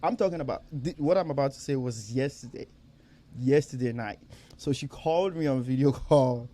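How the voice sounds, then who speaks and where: A young man co-hosting a podcast, telling a story in animated, casual chat, swearing and laughing as he goes. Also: mid-range voice, moderate pace. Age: young adult. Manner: animated storyteller, swears freely, laughs often, repeats himself. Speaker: podcast co-host.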